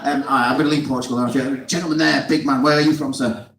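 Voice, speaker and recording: A man's voice: medium pitch, steady tone, fast talker, vocal fry. A man doing stand-up crowd work as compere, bantering and laughing between jokes in a club. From Otley, Yorkshire. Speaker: comedy compere. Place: club venue with audience. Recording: echoey room from far off, loud noise.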